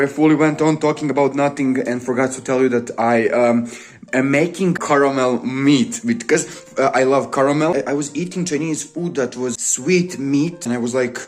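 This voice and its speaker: A man hosting a casual cooking vlog at home, rambling and jumping between thoughts with self-mocking asides. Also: mid-range voice. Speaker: YouTube host. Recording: echoey room with faint music.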